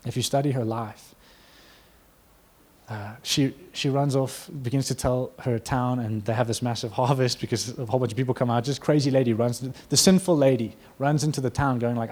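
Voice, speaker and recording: A man preaching a sermon, telling a story with lively energy, acting out quotes and laughing now and then. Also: mid-range voice, moderate pace, husky.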